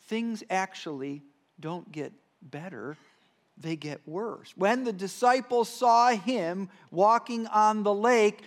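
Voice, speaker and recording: Male pastor, high voice, conversational sermon delivery, hushes for emphasis. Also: takes it slowly. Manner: conversational, frequent "right?" tag questions, drops to hushed tones for emphasis.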